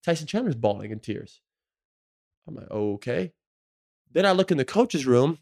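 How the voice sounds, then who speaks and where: A man's voice: mid-range voice, very animated, moderate pace, creaky, a little mellow. Man telling an emotional story, slangy. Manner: emotional storytelling, slangy and profane, full of "like" and "bro". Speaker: podcast co-host, former pro basketball player. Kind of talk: casual podcast chat.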